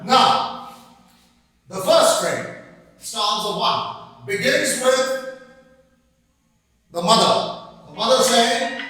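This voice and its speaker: A middle-aged teacher lectures on a poem in a high, very lively and bright voice, taking his time over each point. He repeats himself with emphasis and keeps asking "okay?". He sounds far from the mic, in a strongly echoing room with a long reverb. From India. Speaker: English teacher.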